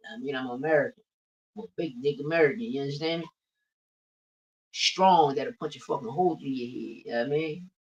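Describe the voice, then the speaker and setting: A man's voice: on the high side, fairly bright tone. A brash, profane man hosts a loose boxing podcast rant, hammering the same lines over and over. His voice sits back from the microphone on a dull, lo-fi recording. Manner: brash, profane trash talk; rambling, repeats lines for emphasis. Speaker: podcast host. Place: livestreamed podcast. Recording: distant, dull lo-fi mic.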